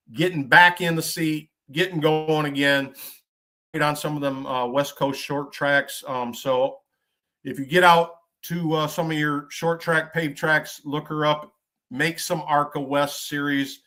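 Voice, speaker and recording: A man's voice: a little high, fairly even intonation, unhurried, bright, forceful tone. A middle-aged man from Michigan hosting a podcast, telling stories bluntly in folksy trucker slang with plenty of cursing. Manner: blunt storytelling with frequent cursing. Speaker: podcast host. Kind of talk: casual podcast monologue.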